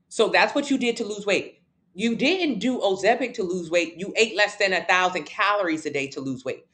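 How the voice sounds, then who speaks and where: A woman fitness coach answers viewers live in blunt, emphatic, slang-heavy casual talk, repeating her key points. Her voice is medium-pitched and a bit bright.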